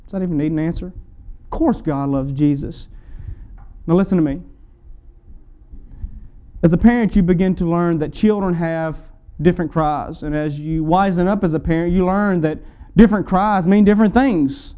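A man's voice: on the high side, normal speed, dark tone, clean tone. A man preaching a sermon, building with emphatic repetition and rising fervor. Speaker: pastor.

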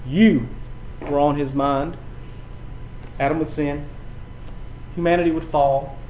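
A man preaching a sermon, building from quiet passages to loud, emphatic runs and often repeating his words. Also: fairly high pitch, fairly even intonation, slow, dull audio, slight background noise. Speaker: pastor.

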